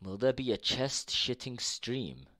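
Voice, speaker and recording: A young man live-streaming, ranting to his chat in casual talk, swearing freely and repeating himself, jumping between low mutters and loud outbursts. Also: big pitch swings, measured pace.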